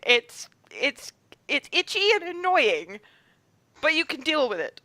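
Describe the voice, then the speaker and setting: A woman running a tabletop game as game master over a video call, animated, laughing often and tripping over her words. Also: mid-range voice, unhurried, no echo.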